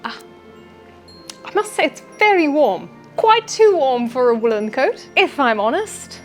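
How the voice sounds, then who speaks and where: A woman's voice: high-pitched, big pitch swings, faint music behind, voice pushed up. A woman putting on a posh lady with a vague accent. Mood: posh, affected. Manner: affected, drawn-out, says darling.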